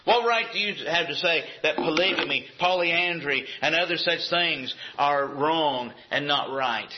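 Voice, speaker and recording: A man's voice: fairly high pitch, a little slow, slight background noise. A man preaching a sermon in a church, emphatic and repetitive, firing off rhetorical questions. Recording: echoey, dull lo-fi sound.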